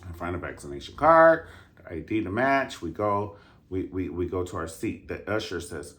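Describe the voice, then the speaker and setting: Man, flamboyant storyteller, sassy and profane, low voice, swooping lively pitch, casual rant. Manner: flamboyant, sassy, profane, with drawn-out emphatic asides. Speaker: vlogger reviewing a dance concert.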